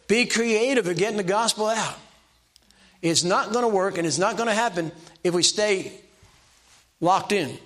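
A man's voice: sits high, normal speed, a bit bright. An older man preaching a sermon from the pulpit in a folksy, self-deprecating way, repeating his exhortations. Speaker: pastor.

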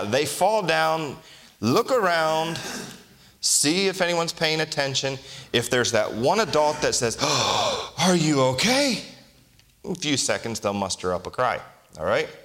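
This man's sermon moves slowly and deliberately through scripture, and he poses rhetorical questions to his listeners as if in conversation. His voice is fairly high, expressive and fairly bright.

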